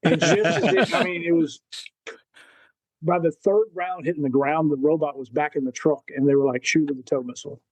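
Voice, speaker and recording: Mellow-voiced man telling war stories. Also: a little high, fairly quick, no echo, low-quality recording. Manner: animated storyteller who acts out quotes. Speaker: podcast guest, Marine veteran. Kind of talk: casual storytelling.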